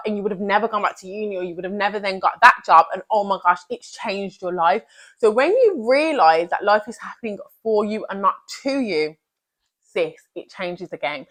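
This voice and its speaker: A woman's voice: medium pitch, fairly bright tone. A young woman giving an earnest, emphatic motivational talk as a vlogger, repeating her key phrases.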